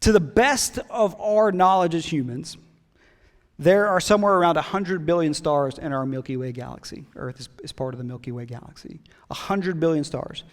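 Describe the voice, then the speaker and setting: A man's voice: fairly high pitch, normal speed, in a large hall. A man preaching a sermon as pastor, conversational and emphatic, with casual asides. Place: church hall.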